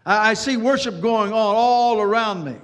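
A man delivers a sermon in a high, fervent voice, repeating himself and rushing then slowing. A long reverb trails every phrase in the hall. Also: a bit bright. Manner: dramatic preaching with repetitions and sudden pace changes. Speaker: pastor.

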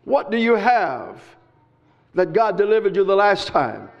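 High-voiced preacher, emphatic sermon. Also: male voice, very animated, a little slow, creaky. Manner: emphatic, repetitive preaching with sudden shouts. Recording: dull lo-fi recording.

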